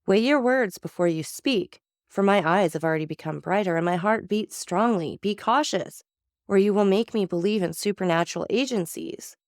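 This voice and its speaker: A woman's voice: mid-range voice, moderate pace, no echo, clean studio sound, lightly acted. A woman voicing a young man in despairing grief in a storybook reading, her delivery anguished and pleading.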